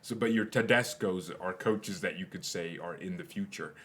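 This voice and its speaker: A young man hosts a fan channel in loose, casual football commentary. His voice sits fairly low, and he rambles, jokes and corrects himself as he goes. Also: moderate pace, a bit bright. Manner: rambling, self-correcting, jokey.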